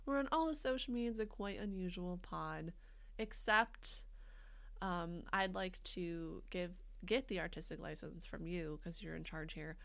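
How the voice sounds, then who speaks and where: A woman's voice: fairly low pitch, creaky. A woman co-hosting a podcast in casual chat, playful and jokey, reading listener mail aloud. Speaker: podcast co-host.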